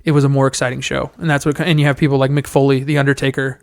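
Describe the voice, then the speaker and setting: A young man co-hosting a podcast in casual chat, excitable, swearing freely and often laughing loudly. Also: mid-range voice, rapid-fire, vocal fry. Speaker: podcast co-host.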